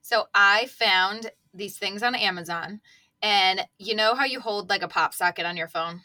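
A woman co-hosting a podcast with an upbeat, playful, enthusiastic manner. Her voice is bright and forceful, recorded dry and close with no room sound. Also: medium pitch, normal speed, no room sound. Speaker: podcast co-host. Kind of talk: casual chat.

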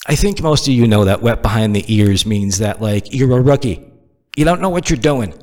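A man's voice: medium pitch, expressive, unhurried, long pauses, darkish tone. A man from the Northeast US delivering a profane comedic rant, firing off exasperated rhetorical questions.

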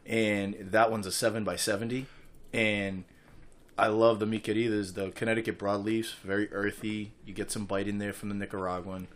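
A man with a New England accent in a casual chat, easygoing and unhurried. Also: lowish voice, little pitch movement.

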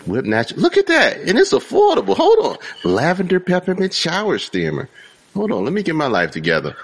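A man's voice: sits high, huge pitch swings, fairly quick, husky. A man co-hosting a casual podcast, joking loosely and reading product names aloud. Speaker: podcast co-host.

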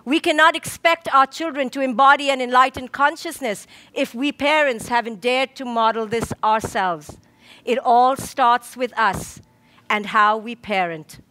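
With a fairly high pitch and a pushed, bright sound, a woman clinical psychologist offers an inspirational talk. She speaks slowly and emphatically, leaning on rhythmic lists and dramatic pauses.

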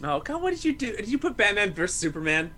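A man in his thirties co-hosting a casual movie podcast, joking and restarting his sentences often. His voice is bright and slightly high, and it rises and falls constantly. A faint noise hums underneath. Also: fast talker. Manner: jokey, animated, self-interrupting. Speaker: podcast co-host. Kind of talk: casual movie-review chat.

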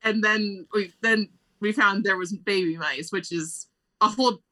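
A woman in casual conversation, telling a camp story with lively acted-out quotes and frequent "like" fillers. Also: medium pitch, measured pace. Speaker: camp staff member. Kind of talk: animated storytelling.

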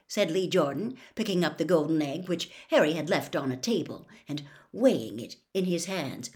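A woman reads a novel aloud as a storyteller. Her voice is expressive and lively, rising and falling freely. At times she drops to a hushed whisper. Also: low-pitched. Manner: expressive, quick, dropping to a whisper.

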